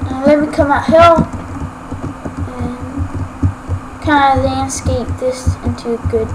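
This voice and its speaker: A woman's voice: high voice, slow, over music. A woman giving rambling, casual gameplay commentary as a Let's Play gamer, often ranting at haters. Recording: noisy homemade recording.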